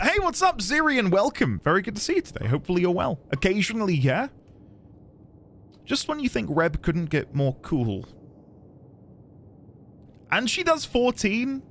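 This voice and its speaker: A man streaming a video game, chatting excitably with his viewers and laughing often. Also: high-pitched, slight background noise. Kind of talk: casual live-stream commentary.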